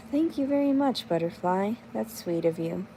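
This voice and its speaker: A woman's voice: high voice, sing-song, takes it slowly, mellow, a little hiss or hum. A woman in her thirties livestreaming in casual chat, reading out comments and answering them in a blunt, profane, rambling way.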